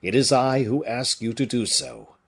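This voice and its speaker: A man's voice: medium pitch, steady tone, moderate pace, creaky, slightly rough, pitched above the performer's own voice. A man voicing a grave noble bishop who commands and pleads with a crowd. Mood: solemn.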